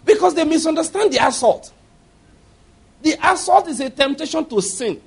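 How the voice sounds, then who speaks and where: High-voiced animated male preacher. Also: normal speed, vocal fry. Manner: animated storytelling with acted laughter and voices; emphatic, addresses congregation directly. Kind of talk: sermon.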